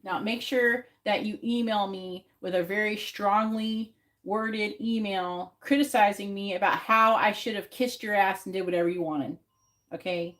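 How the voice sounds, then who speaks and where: A woman's voice: mid-range voice, fairly even intonation, moderate pace. A woman doing a live tarot reading who talks bluntly and swears freely, repeating her questions again and again as she shuffles. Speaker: tarot reader. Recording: loud background noise on a live stream.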